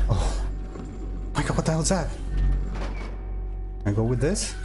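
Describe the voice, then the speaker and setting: A man's voice: mid-range voice, lively intonation, normal speed, over music. A man playing a horror game on stream, talking to himself and the game creatures in jumpy, nervous commentary. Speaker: gameplay streamer. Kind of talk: let's play commentary.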